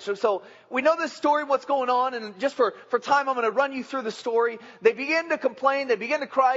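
Brisk and barely pausing, a man with a notably high, somewhat bright voice delivers a folksy, humorous sermon while chatting with the congregation. Sound quality is dull and lo-fi, and a large church hall lends it a long reverb.

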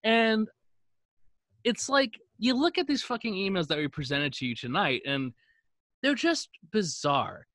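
Man, lively swooping voice, bright edge, profane ranting podcast co-host, close dry mic. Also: high-pitched, unhurried, dry recording. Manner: animated, profane, emphatic. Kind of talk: casual ranting chat.

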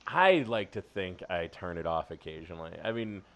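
A man's voice: sits low, sing-song, moderate pace, a bit bright. A man in his forties, a guest comedian, telling rambling jokey anecdotes in casual podcast chat.

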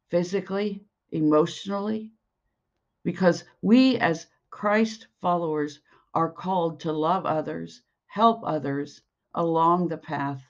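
Devotional podcast preacher, unhurried and earnest, reading scripture; dull lo-fi recording. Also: mid-range voice. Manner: slow, earnest, reads scripture aloud. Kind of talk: devotional sermon.

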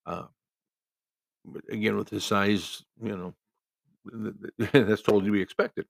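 A man's voice: fairly low pitch, fairly even intonation, unhurried, gravelly, no echo. A man telling a rambling hospital anecdote in a casual way, with many restarts. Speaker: storyteller.

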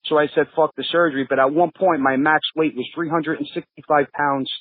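A man's voice: fairly high pitch, fairly even intonation, brisk, breathy edge, no echo. A man with a New York accent, born in Brooklyn, telling stories in a rambling, restarting way on a podcast. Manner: rambling, many restarts and fillers. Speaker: podcast regular. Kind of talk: casual storytelling. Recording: phone-line audio.

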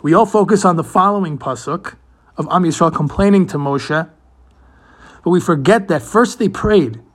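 Male Torah teacher, upper-middle pitch, earnest, asks questions, drops in Hebrew terms. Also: moderate pace. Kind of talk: weekly Torah portion talk.

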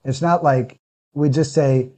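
A man's voice: on the high side, fairly even intonation, unhurried, mellow. A man who serves as a pastor, talking through a personal story in a casual interview, earnest and reflective, often restarting his sentences.

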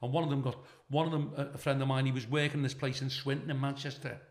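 This guest comedian, a middle-aged man, spins anecdotes full of swearing and his own laughter. His mid-range voice stays level in tone and moves quickly, recorded with roomy echo.

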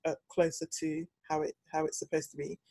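British woman in her twenties chatting on a podcast, a bit low voiced, dry close sound, acts out what people said. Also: brisk, no echo. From United Kingdom. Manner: animated storyteller, acts out quoted voices, laughs often. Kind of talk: casual chat.

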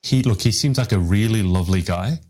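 Male host, lowish voice, rambling casual storyteller, live interview on a video call. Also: brisk, darkish tone. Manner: rambling, self-deprecating storyteller with restarts.

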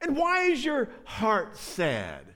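Preacher doing a clueless, exasperated husband; swooping and pleading. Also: male voice, extremely high pitch, huge pitch swings, slow, fairly bright tone, pitched above the performer's own voice, full character voice.

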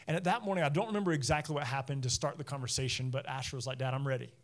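A man's voice: on the high side, steady tone, rapid-fire, a bit bright. A man in his thirties or forties, a pastor giving a sermon through chatty personal stories with frequent laughs. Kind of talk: conversational sermon storytelling. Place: church service.

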